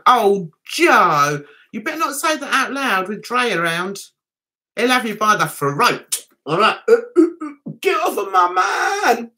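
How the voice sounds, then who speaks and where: A woman's voice: on the high side, pushed and bright. A woman from England hosting a casual livestream chat, reading out viewer comments and giggling often. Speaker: livestream host.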